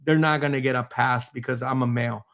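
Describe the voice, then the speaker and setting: A man's voice: mid-range voice, steady tone, fast talker, fairly bright tone. Rambling man in a panel talk. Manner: rambling, many restarts, laughing. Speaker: host, building official. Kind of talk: panel discussion.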